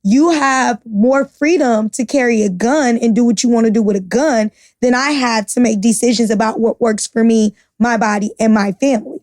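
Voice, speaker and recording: Passionate high-voiced woman podcaster. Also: moderate pace, few pauses, darkish tone, dry recording, studio quality. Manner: passionate, blunt, swears freely. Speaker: podcast co-host. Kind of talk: casual opinionated chat.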